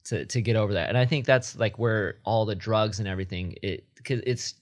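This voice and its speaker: A man's voice: on the low side, a little fast. A man speaking as a podcast guest, a yoga teacher talking reflectively and matter-of-factly in casual conversation. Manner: reflective, frequent restarts, matter-of-fact.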